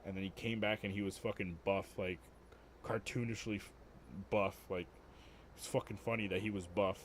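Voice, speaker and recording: A man's voice: on the low side, steady tone, moderate pace, a little hiss or hum. A young man streaming, telling rambling, profane stories and laughing at his own jokes. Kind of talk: casual storytelling.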